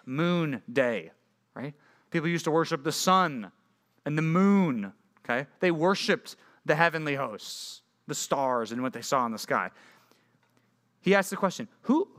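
A young man delivers a youth sermon with a bright, forceful voice pitched a little high. He preaches in an animated, conversational way, firing off rhetorical questions. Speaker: youth pastor. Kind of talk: sermon to junior high students.

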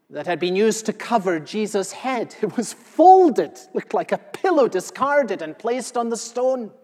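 A male pastor playing the apostle John in a first-person sermon, telling what he saw with earnest feeling, moving between hushed and loud passages. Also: high voice. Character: the elderly apostle John, solemn eyewitness. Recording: long reverb of a large hall.

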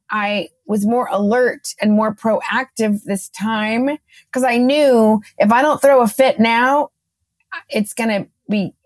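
A woman co-hosting a podcast, chatting casually and telling a lively story, acting out her own quotes. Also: a little high, no room sound. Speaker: podcast co-host.

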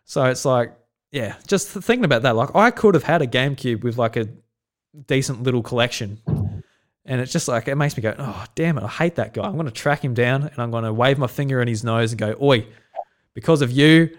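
A man's voice: mid-range voice, a little fast. Chatty young man. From South Australia. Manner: rambling storytelling with many restarts. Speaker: podcast host. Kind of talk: casual podcast chat.

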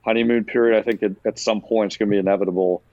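A man, a sports writer, giving a measured, caveat-heavy analysis as a guest in a casual talk. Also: fairly low pitch, fairly even intonation, darkish tone, dry recording, dull audio.

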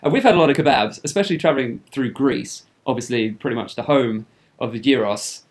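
Fairly quick and medium-pitched, this male podcast co-host swaps travel stories, keeping the conversation light and full of jokes.

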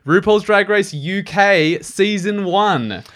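A man's voice: high-pitched, a bit bright. A man co-hosting a podcast in casual, enthusiastic and rambling chat. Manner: enthusiastic, rambling, quick asides. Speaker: podcast co-host.

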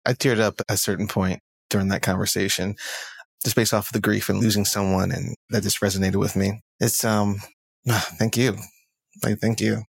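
A man's voice: on the low side, level tone, normal speed, creaky, husky, no room sound, clean studio sound. A man hosting a podcast in casual conversation, earnest and reflective, with casual slang. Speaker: podcast host.

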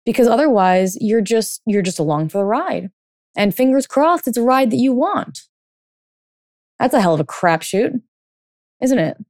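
A woman's voice: on the high side, lively intonation, normal speed, pauses often, darkish tone, no echo, clean studio sound. A woman coach telling a story in a casual monologue, full of fillers, then turning blunt and emphatic, with some swearing. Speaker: dating and life coach.

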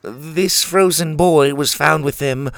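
Nervous pirate mate, voiced by a man: higher, hesitant, slow. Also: creaky, a bit bright, dry recording, full character voice. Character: nervous curly-haired male pirate mate.

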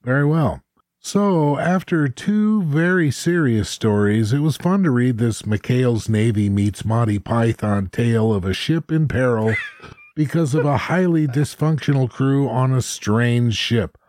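A man's voice: mid-range voice, expressive, a little slow, darkish tone, dry recording, clean studio sound. A man co-hosting a casual book discussion podcast, chatting and reading passages aloud with a playful lift. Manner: reads quotes aloud with a rising, playful voice. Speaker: podcast co-host.

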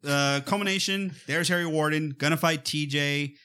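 A man co-hosting a casual podcast about a movie, talking in an animated way and often slipping into quick quoted voices. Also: a little high, clear, resonant tone. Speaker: podcast co-host.

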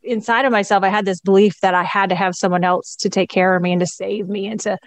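A woman's voice: medium pitch, steady tone, fast talker, no room sound. A middle-aged woman, a guest in an interview, candidly and reflectively telling a personal story with a laugh now and then.

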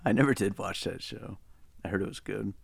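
A man's voice: on the low side, fairly quick, gravelly, slightly rough. A man chatting casually on a comedy podcast, tossing in short, dry remarks and laughing along.

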